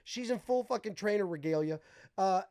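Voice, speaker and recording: A young man on a podcast, telling a wild story with lots of laughter and quick voices for the people in it. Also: high-pitched, animated, darkish tone. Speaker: podcast guest. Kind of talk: casual storytelling.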